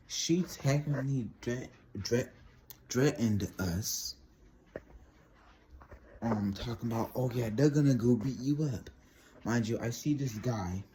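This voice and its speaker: Slow-talking young man telling a story. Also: fairly low pitch, a little hiss or hum. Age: teens. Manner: animated, rambling, laughs often. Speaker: vlogger. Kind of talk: casual storytelling.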